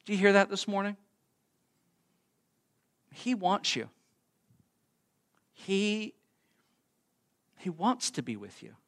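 A man preaching a sermon, passionate and conversational, swinging between soft, intimate lines and loud, emphatic bursts. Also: sits high, very animated, slow pace, long pauses. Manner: conversational with fillers and repeats. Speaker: pastor.

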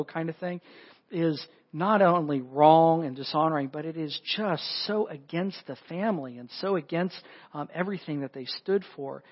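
A husky, slightly high-pitched male pastor delivering a sermon, animated, leaping up in pitch as he acts out the voices in the story. The audio is dull and lo-fi. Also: normal speed.

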